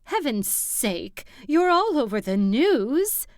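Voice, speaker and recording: A woman narrator voicing a breathy, manipulative older mother in an audiobook. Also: sits high, very animated, slow pace, no echo, clean studio sound, voice pushed up, heavily acted. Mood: defensive. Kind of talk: audiobook character voice.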